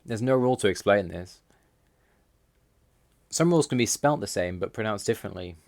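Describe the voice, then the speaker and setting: Lowish man explaining language points. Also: lively intonation, creaky, a little mellow, no room sound, studio quality. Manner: measured, reads out word lists slowly. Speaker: language learner explaining Russian. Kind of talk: scripted voice-over explanation.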